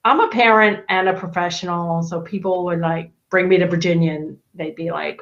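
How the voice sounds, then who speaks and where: This middle-aged woman, interviewed by video call as an autism expert and parent, chats casually and tells lengthy stories riddled with fillers and restarts. Her lowish, steady voice is a bit bright and fairly quick with few pauses, though the highs are cut off.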